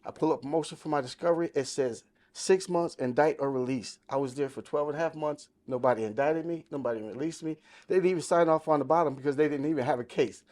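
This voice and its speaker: A man's voice: on the high side, quick pace, a little mellow. A man of sixty telling his life testimony in casual podcast talk, emphatic and storytelling, quoting the people in it. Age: 60s. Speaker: podcast guest.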